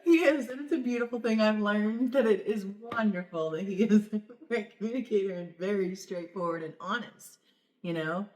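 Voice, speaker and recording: A woman's voice: medium pitch, moderate pace, a little mellow, roomy sound. A woman co-hosting a podcast, chatting casually and agreeing often with her partner. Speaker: podcast co-host. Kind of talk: casual chat.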